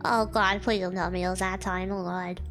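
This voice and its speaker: A woman's voice: mid-range voice, flat delivery, moderate pace, a bit bright, soft background music. A young woman streamer chatting and giggling while she reads a visual novel aloud, switching between reading and reacting.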